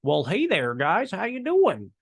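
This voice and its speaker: A man's voice: high-pitched, wildly swooping pitch, a little slow, creaky, slightly rough, pitched above the performer's own voice, heavily acted. A man voicing a goofy, clowning male furniture salesman in a silly, drawling cartoonish voice.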